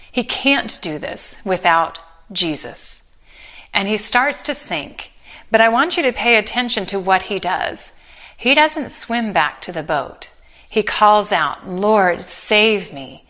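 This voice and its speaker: A middle-aged woman preaching a sermon, telling a Bible story with earnest warmth and touches of gentle humor. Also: medium pitch.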